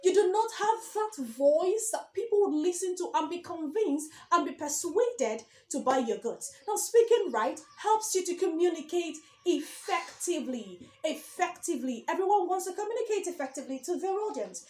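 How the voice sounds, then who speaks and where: A woman's voice: extremely high pitch, lively intonation, moderate pace, few pauses, a little mellow, roomy sound. A woman giving a speech coaching lesson to camera, emphatic, repeating key words and asking rhetorical questions.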